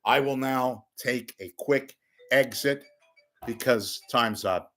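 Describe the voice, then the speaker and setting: A man's voice: mid-range voice, takes it slowly, fairly bright tone, soft background music. A man hosting a call-in show, talking in a casual, rambling monologue that is blunt, profane and full of wisecracks.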